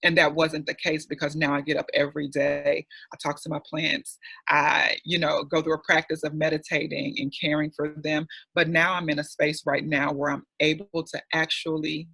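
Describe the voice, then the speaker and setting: Bright, husky man telling a heartfelt story. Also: a little high, flat delivery, moderate pace, dry recording, rough recording. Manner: candid, heartfelt, chatty with many fillers. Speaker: panel guest. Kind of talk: personal storytelling in a panel discussion. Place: online panel session.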